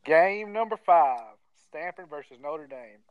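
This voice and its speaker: A man hosting a casual sports picks podcast, loud and teasing. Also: a little high, animated, measured pace, smooth, dry recording, dull audio. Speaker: podcast host.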